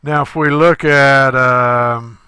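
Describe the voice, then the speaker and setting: A male instructor talking through a screen-recorded tutorial step by step, halting often with fillers. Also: medium pitch, fairly even intonation, sharp tone, clean tone, no echo.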